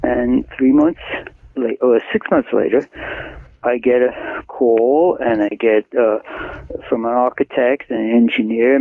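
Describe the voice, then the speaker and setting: A man's voice: mid-range voice, animated, slow pace, gravelly. An older man, a poet from New York, telling anecdotes in a casual interview, chuckling as he goes. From Queens, New York. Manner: chuckling anecdotal storyteller, acts out quoted voices. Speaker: poet and author, interview guest. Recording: dry, phone-like line.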